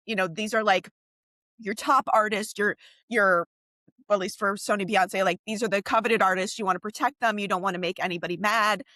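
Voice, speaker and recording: A woman's voice: medium pitch, bright, forceful tone, no echo. Podcast cohost lady, rambly, lots of likes and you knows, dry close sound. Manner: chatty, many fillers and restarts. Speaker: podcast co-host. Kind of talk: casual podcast discussion.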